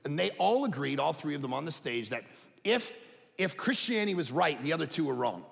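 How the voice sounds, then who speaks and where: A man preaching a sermon as pastor, animated, swinging between loud emphatic bursts and low quiet asides. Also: a little fast, creaky. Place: church sanctuary. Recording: church hall reverb.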